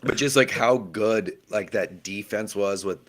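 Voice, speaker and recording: A man with a very deep voice, chatting on a sports podcast in a laid-back way. He recounts what he watched with plenty of ums and uhs. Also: unhurried, fairly bright tone. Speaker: podcast co-host. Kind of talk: casual sports podcast chat.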